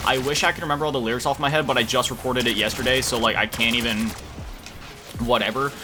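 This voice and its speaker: A man's voice: medium pitch, fairly even intonation, quick pace, background noise. A young man from Florida chatting casually and rambling as he commentates his gameplay, swearing now and then. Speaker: gaming commentator. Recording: music playing loudly under the voice. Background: game music and gunfire.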